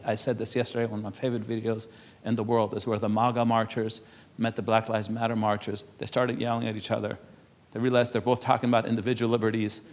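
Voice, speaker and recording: A man's voice: mid-range voice, a little mellow. A man from Europe speaking to an audience in a conversational way, telling anecdotes with frequent laughs and repeated words. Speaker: speaker at a public panel.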